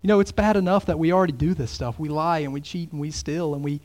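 High-voiced pastor preaching. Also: male voice, quick pace. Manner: animated, swings from loud exclamations to hushed near-whispers. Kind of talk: sermon.

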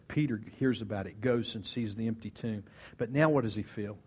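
A man preaching a sermon, retelling a story in an animated, dramatic way. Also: on the low side, brisk, husky.

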